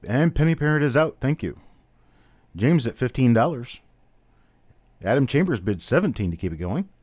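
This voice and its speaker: A man's voice: medium pitch, sing-song, normal speed, a little mellow, no echo. A man hosting a live-stream coin auction, chatty, calling out bidders and prices one after another. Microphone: webcam on a stand.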